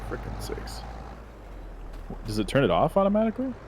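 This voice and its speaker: A man's voice: on the high side, huge pitch swings, fairly quick, a little mellow, a little hiss or hum. A man playing a farming game with a friend, talking plans through casually. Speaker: gaming streamer. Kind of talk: casual gameplay chat.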